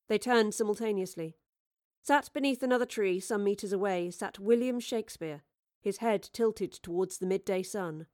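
A woman reading a novel aloud in measured, even scripted narration, close to the microphone. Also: medium pitch, dry recording. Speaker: audiobook reader.

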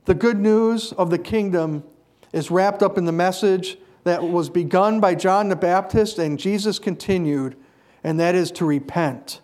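A man delivers a sermon in a fairly high voice. He preaches earnestly and leans hard on repeated phrases to drive each point home. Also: measured pace, a little mellow.

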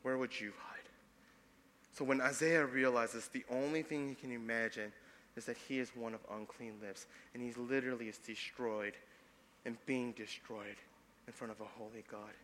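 A young adult man, a pastor preaching a sermon, swinging between loud emphatic passages and soft hushed ones. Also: medium pitch, fairly even intonation, moderate pace, big-room sound.

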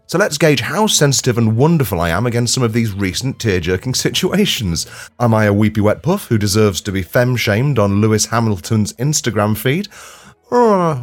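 A low-voiced man talks through a comic podcast monologue in a dry, self-deprecating way. He swears freely and breaks into sudden loud outbursts. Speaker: podcast host. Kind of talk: comedic monologue.

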